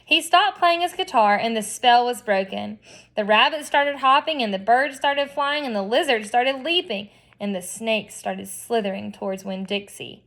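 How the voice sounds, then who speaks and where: A woman's voice: fairly high pitch, moderate pace, a bit bright. A woman reading a children's novel aloud expressively, with chatty asides to her listeners. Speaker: reader.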